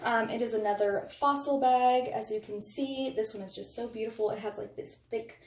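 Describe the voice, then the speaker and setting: A chatty woman with a slightly high voice gushes over new purchases in a casual haul video. She sounds lively and eager. Her voice rings in an echoey room over a faint hiss. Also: moderate pace. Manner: chatty, gushing, enthusiastic. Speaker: beauty vlogger.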